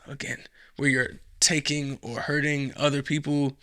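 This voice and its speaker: A man's voice: medium pitch, flat delivery, normal speed, pushed and bright, dry recording, studio quality. A man hosting a casual podcast, rambling and swearing, with lots of fillers and restarts. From United States. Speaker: podcast host.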